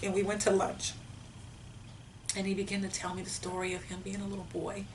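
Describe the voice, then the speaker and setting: A woman telling a personal story in a casual, animated way, acting out her own past conversations. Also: on the low side, far from the mic, a little hiss or hum, low-quality recording.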